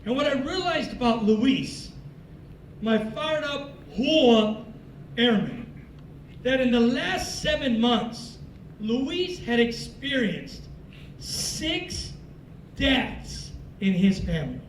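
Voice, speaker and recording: A man with a strikingly high voice giving a motivational speech in a large hall. He tells his story in an animated way and acts out the dialogue. The sound is echoey and comes from some way off the mic, with faint noise behind. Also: takes it slowly, distant mic. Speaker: military speaker.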